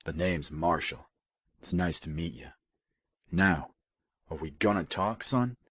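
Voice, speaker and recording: A man plays a sadistic army lieutenant in an audiobook, speaking quietly and amiably. The voice sits extremely deep with a husky grain, dry and close. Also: lively intonation, fairly quick, no echo, exaggerated voice. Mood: mild menace. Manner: mild, amiable, quietly menacing. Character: soft-spoken sadistic male army lieutenant.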